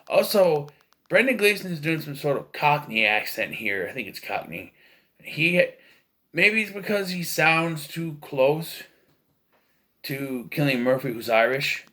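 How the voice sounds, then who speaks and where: Male film reviewer, casual and opinionated, with a tense edge and pitch that jumps all over. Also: bright, forceful tone. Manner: rambling, opinionated, with frequent fillers and restarts. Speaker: movie reviewer.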